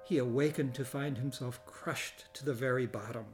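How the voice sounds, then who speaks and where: A man reading a children's storybook aloud in a calm, even storytelling manner. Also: medium pitch, moderate pace. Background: loud background music.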